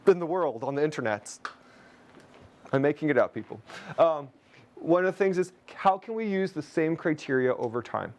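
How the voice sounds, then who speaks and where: A man from Canada leading a teacher webinar on a video call, chatty, with jokey asides to his audience. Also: mid-range voice. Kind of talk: webinar presentation.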